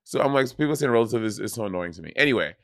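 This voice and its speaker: A man from Saint Lucia chats casually as a podcast co-host, his lowish voice wandering through thoughts, restarting sentences and trailing off. The sound is close and dry, with no room around it. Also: expressive, very fast, no room sound. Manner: rambling, many restarts and trailing off. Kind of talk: casual chat.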